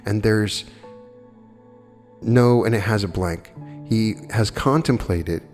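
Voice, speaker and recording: A man on the low side, with a darkish tone, lectures in plain language, pressing his arguments with rhetorical questions and replying to the audience's questions. The old archival recording carries long hall reverb and faint music.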